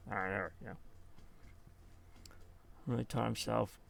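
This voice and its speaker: A man's voice: fairly low pitch, steady tone, unhurried, gravelly, pauses often, fairly bright tone. A man in his thirties giving rambling live commentary on a game, laughing often. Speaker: game streamer.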